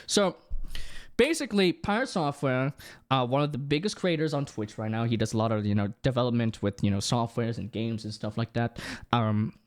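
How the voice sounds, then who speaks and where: A man's voice: mid-range voice, normal speed. A young man, a streamer chatting casually on a live stream, rambling with many restarts and fillers.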